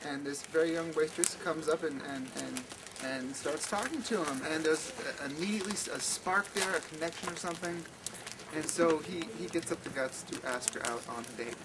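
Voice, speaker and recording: A man telling a comic story at a campfire, animated with many stammering restarts. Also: a little high, fairly quick. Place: outdoor campfire at night. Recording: noisy outdoor camp recording.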